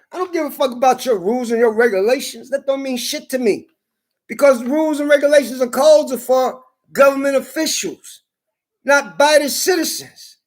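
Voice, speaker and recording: High-voiced man, fiery profane rant, pushes into shouting. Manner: heated, swearing, rising into shouts. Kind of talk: profane ranting monologue.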